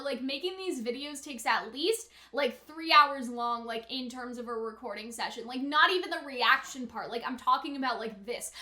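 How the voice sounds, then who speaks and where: A woman's voice: sits high, roomy sound. A young woman YouTuber reacting to an anime episode, shrieking and gasping at the screen, then rambling casually with lots of "like". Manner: loud gasping outbursts while watching, then chatty rambling with many "like"s. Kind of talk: casual reaction and rant to camera.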